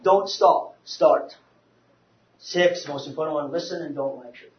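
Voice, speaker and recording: Animated man preaching from a distance. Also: fairly high pitch, a little slow. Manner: animated storytelling, many restarts. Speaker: speaker. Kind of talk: church talk to a group. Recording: roomy, distant, dull lo-fi sound.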